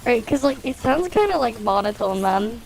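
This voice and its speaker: A woman's voice: on the high side, sing-song, moderate pace. A woman streaming a game, chatting casually with viewers in a laid-back way, swearing and laughing often. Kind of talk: casual live-stream chat while gaming. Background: game music.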